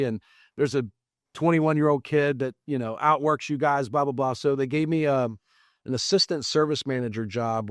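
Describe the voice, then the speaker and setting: As a guest on a podcast, an American real estate investor recounts his career in a casual storytelling interview, bringing quoted dialogue to life with animated delivery. His mid-range voice comes through in studio quality without echo.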